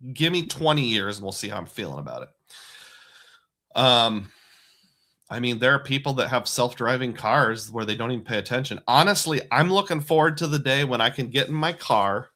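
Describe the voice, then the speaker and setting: Host, man, 40s-50s, bright tone, chatty reading of chat comments. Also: medium pitch. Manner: chatty, reads viewer comments aloud and answers them. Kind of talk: casual live stream chat.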